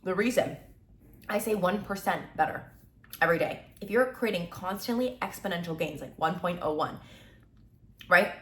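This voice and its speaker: A woman in her twenties giving an energetic, tough-love motivational talk as a content creator. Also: on the low side, normal speed, long pauses, echoey room, slight background noise. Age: 20s.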